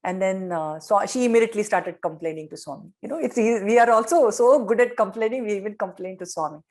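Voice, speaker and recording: A middle-aged woman giving a devotional talk on parenting, gently telling stories and retelling quotes. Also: mid-range voice, quick pace.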